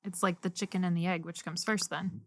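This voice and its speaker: A woman's voice: on the low side, fairly even intonation, a little fast, no room sound, clean studio sound. A woman co-hosting a podcast, teasing her guest in a playful way. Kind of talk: podcast conversation.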